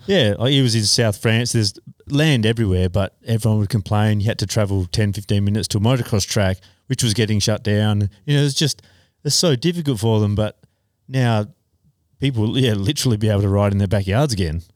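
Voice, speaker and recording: A man's voice: fairly low pitch, fairly quick, dry recording, studio quality. A man chatting casually on a podcast, telling riding stories and laughing often. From Australia. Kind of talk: casual chat.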